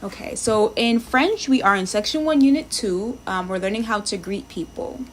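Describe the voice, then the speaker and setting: A woman's voice: mid-range voice, moderate pace, a little hiss or hum. A woman live-streaming her language practice, chatting casually, thinking aloud, sounding out words and greeting viewers in the chat. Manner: reads lesson text aloud, sounding words out.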